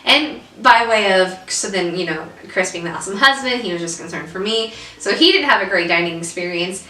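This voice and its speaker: A young adult woman co-hosts a casual vlog, telling an upsetting story emotionally with lots of fillers and restarts. Her medium-pitched voice is animated, bright, forceful and a little fast. She's recorded from a distance, away from the mic, with roomy echo.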